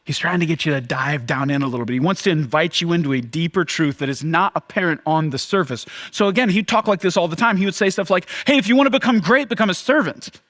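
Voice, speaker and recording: A man's voice: fairly high pitch, quick pace, few pauses, a bit bright. A young adult man, a pastor, preaching a sermon in a church, often acting out the crowd's reactions in a raised voice.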